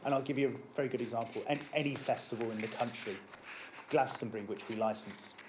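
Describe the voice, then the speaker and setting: Man, mid-pitched, measured explanation, faint hiss behind. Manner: measured, repeats words when starting sentences. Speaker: applicant at a licensing hearing. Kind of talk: formal explanation at a council hearing.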